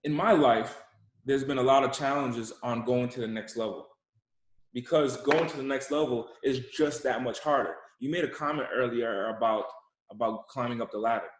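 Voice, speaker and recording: A man's voice: mid-range voice, moderate pace. Emphatic man in a roomy room. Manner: emphatic, repeats words as he builds a point. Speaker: entrepreneur guest. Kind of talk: motivational storytelling in an interview. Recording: roomy echo.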